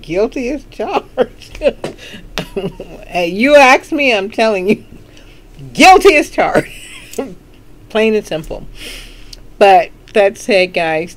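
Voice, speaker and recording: A woman hosts a casual book chat at an unhurried, drawn-out pace. She talks in a chatty, sassy way and breaks into laughter often. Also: low voice, slight background noise. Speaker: host of a book chat show.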